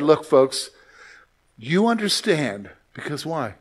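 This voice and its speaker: A man delivers a sermon as pastor with a high-pitched voice. He preaches emphatically, swinging between loud, rising exclamations and quiet, dropped asides. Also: normal speed.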